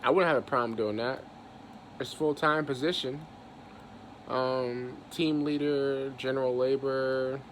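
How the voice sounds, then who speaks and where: A man's voice: medium pitch, fairly bright tone, slight background noise. A young man, venting about his job in a heated, profane rant and repeating himself as he talks. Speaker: vlogger venting about work. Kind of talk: angry casual rant.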